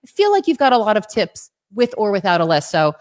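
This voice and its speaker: A woman's voice: medium pitch, big pitch swings, fast. Enthusiastic woman hosting over a video call. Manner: enthusiastic, repeats phrases. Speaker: host. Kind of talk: livestream interview.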